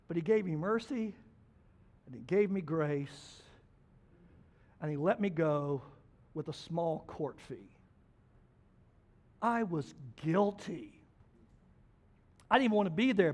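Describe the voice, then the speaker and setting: A male preacher with a strikingly high voice delivers his sermon in an animated, folksy manner. He swings from loud, emphatic lines to quiet, hushed ones as he tells homespun stories. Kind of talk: sermon with storytelling.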